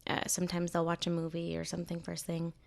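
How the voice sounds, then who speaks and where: A woman's voice: lowish voice, completely flat delivery, fast, creaky. A woman co-hosting a podcast, chatting casually about her kids and laughing often. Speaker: podcast co-host. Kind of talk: casual chat.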